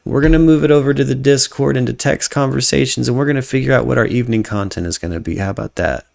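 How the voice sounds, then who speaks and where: A man's voice: mid-range voice, fast talker, vocal fry, darkish tone. A young man hosting a live stream, chatting casually with jokes, swearing and hyped-up banter. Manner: joking, profane, hyped-up banter.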